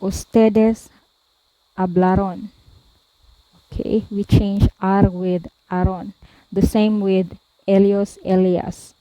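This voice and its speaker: A woman tutor slowly explaining verb forms, pausing often and repeating each one. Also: medium pitch, flat delivery, mellow, dry recording, muffled recording. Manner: deliberate, repeats each form, frequent "um" and "okay". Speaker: language tutor. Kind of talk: slow explanatory lesson.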